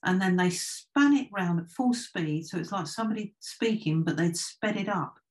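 Woman, slightly low voice, medium guest, anecdotal chat, unhurried delivery. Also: lively intonation, darkish tone. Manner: anecdotal, unhurried, with filler restarts. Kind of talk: casual storytelling in conversation.

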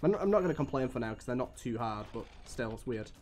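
A man giving live gameplay commentary as a streamer, swearing often and swinging between weary groans and excited yelps. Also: medium pitch, quick pace, a little hiss or hum.

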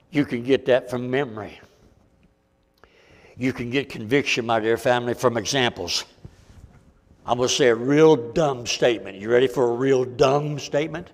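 A man preaching a folksy sermon, swinging between loud and hushed. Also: medium pitch, normal speed, pauses often, big-room sound.

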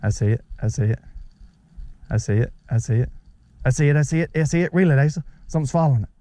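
A man, talking excitedly outdoors on a lake as he coaches and teases his sons while fishing, recorded on a chest-mounted camera. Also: mid-range voice, normal speed. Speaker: fishing vlogger and father. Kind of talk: casual outdoor fishing vlog. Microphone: chest-mounted action camera.

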